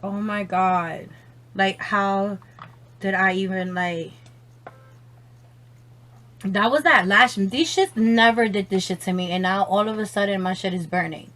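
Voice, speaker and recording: Slow-talking young woman vlogger. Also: medium pitch, fairly bright tone. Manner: swears freely, laughs often, exclaims a lot. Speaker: beauty vlogger. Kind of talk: casual makeup chat on the phone.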